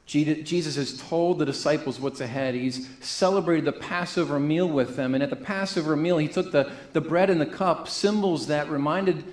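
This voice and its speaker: A man's voice: a little high, normal speed, hardly any pauses. A man preaching a sermon as pastor, reading scripture in an earnest way and restarting phrases as he goes. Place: church sanctuary. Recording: echoey church room.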